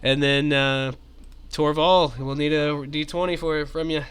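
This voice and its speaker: A man, narrating a tabletop game as game master in a relaxed, chatty way. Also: a little high, measured pace.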